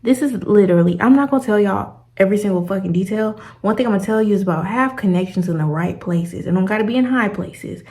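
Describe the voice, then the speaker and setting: A woman's voice: mid-range voice, fast talker, few pauses, warm tone. A young woman vlogger telling a story in casual slang, acting out the people in it. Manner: dramatic, slangy storytelling with acted-out quotes. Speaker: travel vlogger. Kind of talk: animated storytime vlog.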